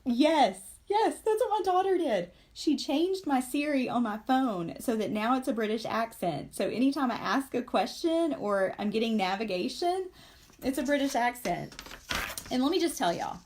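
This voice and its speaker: A woman's voice: sits high, sing-song, normal speed, a little mellow. A woman, in her forties, hosting a casual live stream while she paints, rambling with many fillers and asides to her viewers.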